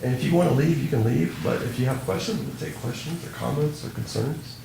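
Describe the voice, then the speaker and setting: A man giving a workshop talk at a conference, slow, dropping to soft near-whispers as he leads someone through a prayer. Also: a little high, creaky. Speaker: workshop speaker. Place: conference room. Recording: distant echoey room with background noise.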